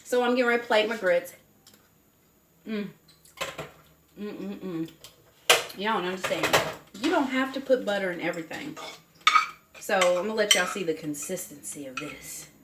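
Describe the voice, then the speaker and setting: A woman's voice: mid-range voice, a little fast, long pauses, noisy background. A woman with a Southern US accent chatting casually while she cooks, folksy and talkative, calling her viewers honey and baby. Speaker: cooking vlogger. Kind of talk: casual cooking chat to camera. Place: home kitchen. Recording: roomy kitchen with cooking noises. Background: faint clatter of dishes and cutlery.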